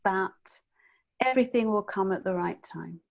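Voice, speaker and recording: A woman being interviewed, thoughtful and hesitant, often pausing to think before she answers. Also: medium pitch, vocal fry, highs cut off. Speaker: interview guest. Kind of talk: casual interview chat.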